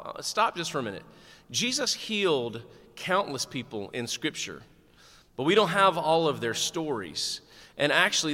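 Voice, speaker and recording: Male pastor, animated conversational sermon, bright tone, echoing sanctuary. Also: fairly high pitch. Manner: animated, conversational preaching with humor.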